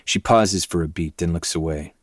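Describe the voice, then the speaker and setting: A man reading a dark novel aloud in first person, with low, intense, brooding delivery. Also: moderate pace, slightly rough, dry recording, studio quality. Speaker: podcast host reading a novel.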